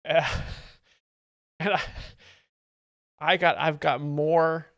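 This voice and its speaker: Deadpan mock-expert male streamer, dry sound. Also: a little high, extremely slow, no echo. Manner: deadpan mock-expert, sweary, absurd claims. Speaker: host, streamer. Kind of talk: live-stream reaction commentary.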